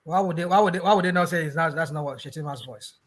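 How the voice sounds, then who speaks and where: A man hosting a heated panel discussion, challenging the others with rapid, pushy questions. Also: fairly high pitch.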